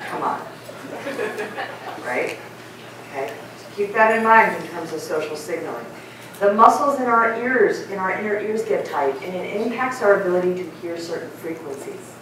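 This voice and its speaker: A woman's voice: on the low side, normal speed, noisy background. Woman lecturing in an echoey hall. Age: middle-aged. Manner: lively, engaging, asks audience questions. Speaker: keynote speaker. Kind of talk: conference keynote talk. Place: large conference hall. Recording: echoey hall, mic from far off.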